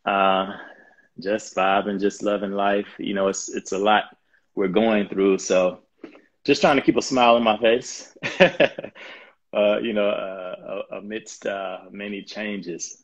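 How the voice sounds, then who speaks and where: A man's voice: on the low side, little pitch movement, measured pace, poor audio. A middle-aged man from Mississippi with a Southern accent, a professor talking upbeat and laid-back as a guest in a casual live video chat. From Jackson, Mississippi. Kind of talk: casual livestream conversation.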